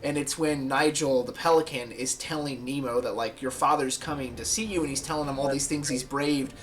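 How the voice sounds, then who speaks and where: A man's voice: medium pitch, steady tone, a little fast, fairly bright tone, slight background noise. A man talking casually and enthusiastically about a favorite film, often quoting its lines. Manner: enthusiastic, quotes film lines in little voices. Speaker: podcast host.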